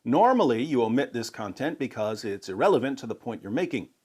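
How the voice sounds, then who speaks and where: Measured man narrating an argument. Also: medium pitch, very animated, a little mellow, slightly rough. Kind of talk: scripted narration.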